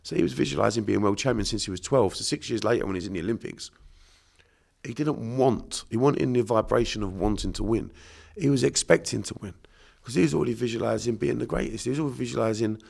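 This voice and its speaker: Fast, gravelly South London man. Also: medium pitch, darkish tone. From Bermondsey, London. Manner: blunt, sweary, emphatic. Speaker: podcast guest, unconscious mind therapist. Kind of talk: casual podcast interview.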